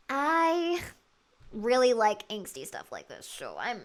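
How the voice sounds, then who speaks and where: A woman streaming a game live, chatting excitably with her viewers and swearing freely. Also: on the high side, takes it slowly.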